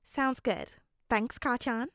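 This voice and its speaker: A gentle, patient young man coaxing in a soft, even tone, as a woman reads him in her own fairly high voice. The storybook sound is dry and close-up. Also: slow, dry recording. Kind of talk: fanfic audiobook reading.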